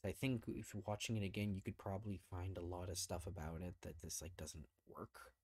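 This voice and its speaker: A man co-hosting a podcast, reviewing films in a relaxed, hedging, rambling way. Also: low voice, brisk, breathy edge, no room sound, clean studio sound. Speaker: podcast co-host. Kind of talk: casual film review chat.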